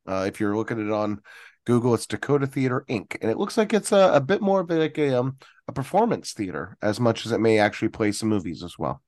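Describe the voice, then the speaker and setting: A man's voice: on the low side, very animated, fast, darkish tone. A man co-hosting a casual podcast, rambling through a story of local history with plenty of fillers and self-corrections. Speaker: podcast co-host.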